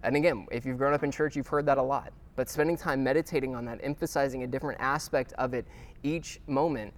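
A man of middling pitch teaching a Bible study class. His talk is loose and conversational, full of fillers and restarts. He stops now and then to check in with his listeners. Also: steady tone, fast.

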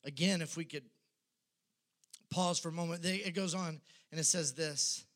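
A man preaching with a high, bright, ringing voice. He swings dramatically from pressing, loud delivery to low, hushed moments. A sermon style throughout. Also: steady tone, moderate pace. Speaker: pastor.

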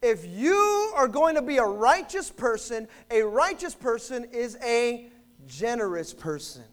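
A pastor preaching a sermon in church, emphatic, leading call-and-response with the congregation and swinging between loud bursts and quiet asides. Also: male voice, very high voice, sing-song, measured pace.

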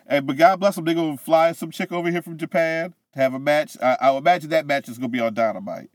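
A man's voice: on the high side, fast, dry recording, clean studio sound. A man co-hosting a casual wrestling podcast, thinking aloud and guessing at outcomes. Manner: speculative, thinks aloud with restarts. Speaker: podcast co-host.

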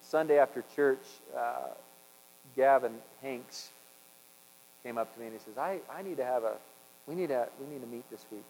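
A man preaching a conversational sermon, swinging from loud emphasis to hushed tones. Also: mid-range voice, normal speed, long pauses, long reverb tail, a little hiss or hum, low-quality recording. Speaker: pastor.

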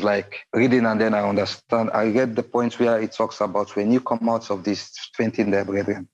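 A man's voice: on the low side, a little mellow, muffled recording. Earnest man telling a faith story. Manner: earnest storytelling, quotes dialogue, laughs often. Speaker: guest sharing testimony. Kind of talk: casual faith testimony chat.

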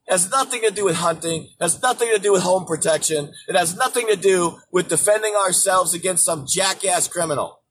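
A man hosting his own show, delivering an angry, profane political rant with frequent swearing and sudden shouted bursts. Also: sits high, a little fast, few pauses. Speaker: show host. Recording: distant mic with faint background noise.

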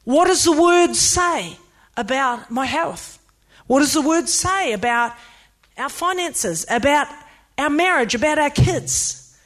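A woman pastor, preaching a sermon in an emphatic, lively way with playful asides. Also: high-pitched, slow pace.

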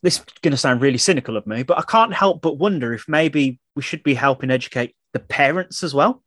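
A man's voice: mid-range voice, animated, brisk, a bit bright. A man co-hosting an interview podcast who is chatty and asks the guest questions. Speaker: podcast co-host. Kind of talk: casual interview chat.

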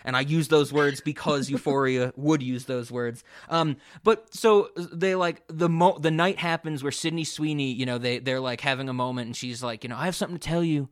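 A man co-hosting a casual podcast who retells a story in a rambling, animated way, with frequent cursing and many restarts. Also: medium pitch, moderate pace, hardly any pauses. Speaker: podcast co-host.

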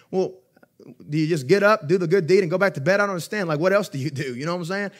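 Rapid-fire and high-pitched, a young man preaches as a pastor in a lively, conversational manner. He alternates between emphatic loud peaks and soft asides, and he laughs as he tells his stories.

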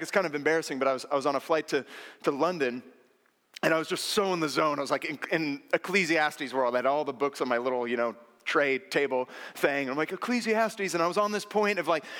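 A man's voice: a little high, in a large hall. A man preaching a sermon, telling personal stories and acting out the voices of people he quotes. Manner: animated, acts out quoted voices. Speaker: pastor.

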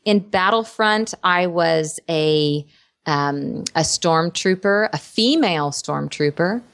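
A woman actress in casual interview chat, an animated storyteller who laughs often. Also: fairly low pitch, takes it slowly, gravelly, no room sound. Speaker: actress and voice performer.

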